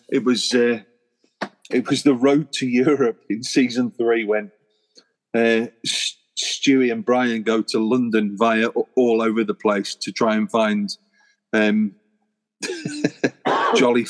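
A man co-hosting a podcast, chatting casually and laughing his way through a funny story. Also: medium pitch. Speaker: podcast co-host. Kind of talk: casual chat.

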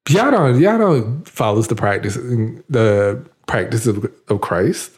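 A man chatting on a podcast with a voice at an ordinary middle pitch. He sounds sassy and exasperated and throws in punchy, emphatic asides. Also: expressive, slow, hardly any pauses. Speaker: podcast co-host. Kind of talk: casual podcast chat.

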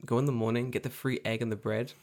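An excitable man co-hosting a casual podcast. He laughs often and swears freely as he chats, in a voice of middling pitch. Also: fast. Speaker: podcast co-host. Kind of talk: casual chat.

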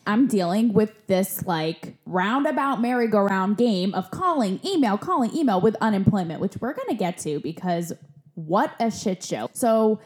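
A young woman co-hosting a podcast in casual chat, dramatic and teasing in quick bursts. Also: medium pitch, expressive, a little mellow. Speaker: podcast co-host.

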